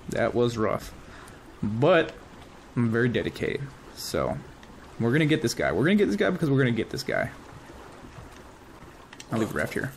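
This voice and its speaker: A man hosting a casual let's-play, reacting excitedly and chatting to the creatures he tames. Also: mid-range voice, slight background noise. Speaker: gaming channel host.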